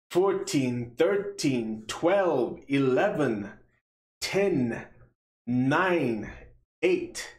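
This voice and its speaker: A man streaming a mobile game live, chatting casually and playfully with slang while running giveaways and drawn-out countdowns. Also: fairly high pitch, reverberant.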